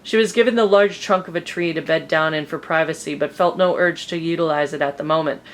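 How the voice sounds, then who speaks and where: A woman's voice: low voice, brisk. A woman co-hosting a comedy podcast, giggling often and reading fanfiction aloud with dramatic narration.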